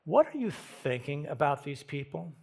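A man preaching a sermon, moving from hushed lines to emphatic ones and repeating words as he thinks aloud. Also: on the high side, big pitch swings, normal speed, vocal fry. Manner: dramatic swings from hushed to emphatic. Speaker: pastor.

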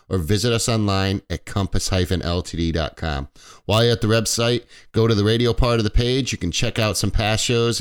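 Low, smooth-voiced man hosting a finance show. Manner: relaxed, explanatory, with fillers and self-corrections. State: a little stuffy. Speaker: financial radio show host. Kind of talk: conversational radio talk.

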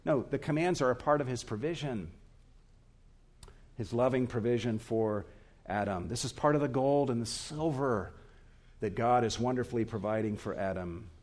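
A man preaching an expository sermon, earnest and emphatic, speaking in short, measured phrases. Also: medium pitch, darkish tone. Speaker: pastor.

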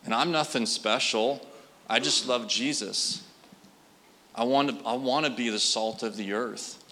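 An earnest man in his thirties preaching to a church, slipping into easy storytelling with lots of "uh" and "like". His voice sits a little low yet rings bright and forward. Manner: earnest, conversational with frequent fillers. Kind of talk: sermon storytelling.

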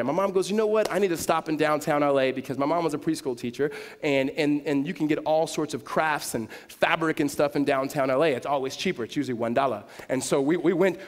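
A man preaching a sermon, telling a story that drops to a hush and rises to loud, high-pitched emphasis. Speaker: pastor. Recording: long hall reverb.

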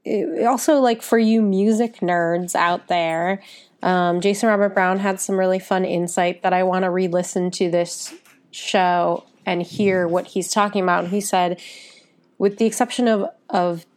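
A woman co-hosts a casual musical theatre podcast, speaking in a lowish voice at a measured pace. She's chatty and uses lots of fillers, often acting out quotes with animation.

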